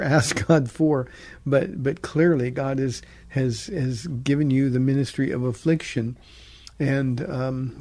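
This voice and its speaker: A male radio pastor answering a caller with measured, reassuring Bible teaching. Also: medium pitch, dark tone.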